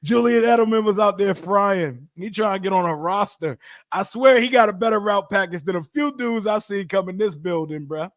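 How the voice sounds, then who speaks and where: A man's voice: high voice, normal speed, no echo, clean studio sound. A man, hosting a casual sports livestream, slangy and laughing often. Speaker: sports podcast host.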